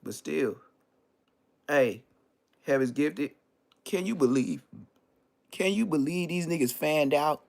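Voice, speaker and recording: Man, live-stream host, casual profane storytelling, lively swings in pitch, sudden high exclamations. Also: takes it slowly, vocal fry, long pauses. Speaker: livestream host.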